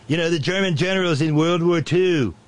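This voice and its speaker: A man's voice: a little high, a little fast, no echo, voice pushed up, close to an everyday voice. A man doing a whiny, blustering old leader. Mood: smug. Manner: whiny, demanding, shouting. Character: blustering, petulant older male leader.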